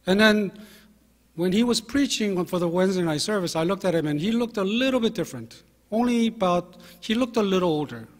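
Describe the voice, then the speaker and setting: A man in his fifties, a pastor telling anecdotes in a relaxed sermon, with fillers and self-deprecating humor. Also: sits high, fairly quick. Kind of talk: conversational sermon storytelling. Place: church sanctuary. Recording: long hall reverb from a church.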